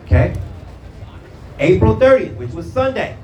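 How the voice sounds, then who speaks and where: A man's voice: high-pitched, sing-song, a little slow, darkish tone, a little hiss or hum. A middle-aged male pastor from Brooklyn preaching to a live congregation in a loose, slangy storytelling way, stumbling over repeated words and calling out to the audience. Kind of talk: conversational sermon. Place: church hall with live audience. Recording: roomy, from a distance, crowd audible.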